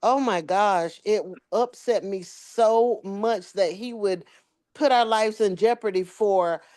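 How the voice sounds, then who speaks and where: A woman's voice: medium pitch, slow pace. A woman, a mother, telling a long story in casual chat and acting out the voices of the people in it. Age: adult with children. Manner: animated storyteller, acts out quoted dialogue. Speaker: podcast co-host.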